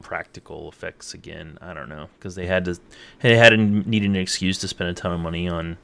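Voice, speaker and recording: A man's voice: sits low, a little fast, gravelly, sharp tone. A young man co-hosting a podcast in casual chat, rambling and hesitant, often trailing off mid-sentence. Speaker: podcast co-host.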